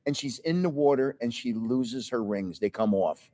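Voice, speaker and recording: An older man hosts a casual livestream indoors, in a building with another floor, rambling through stories in a chatty, meandering way. His medium-pitched, mellow voice has lively intonation and a normal speed, with a big-room sound.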